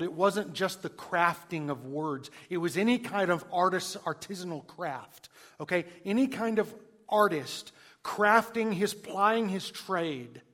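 A man preaching a sermon, emphatic, moving between hushed and loud passages. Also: sits high. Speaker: pastor. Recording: long hall reverb.

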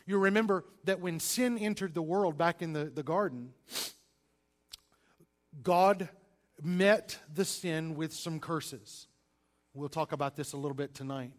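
A man preaching a sermon, stressing single words and swinging between loud and quiet delivery. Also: on the high side, unhurried, pauses often. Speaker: pastor.

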